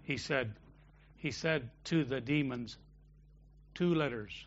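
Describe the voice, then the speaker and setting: A man preaching a sermon as pastor of a church, shifting between loud emphatic declarations and quiet storytelling. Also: mid-range voice, slow pace, highs cut off.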